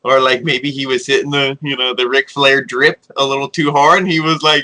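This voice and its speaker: A man's voice: medium pitch, flat delivery, a little fast, few pauses, sharp tone, low-quality recording. A man co-hosting a casual wrestling review, joking and acting out what people said. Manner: joking, acts out quotes in voices. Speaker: podcast co-host.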